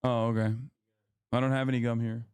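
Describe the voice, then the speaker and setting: A man's voice: medium pitch, level tone, a little fast, a little mellow, clear, resonant tone, no echo. A man doing profane, sarcastic political commentary, reacting to clips. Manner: heated, sarcastic, swears a lot.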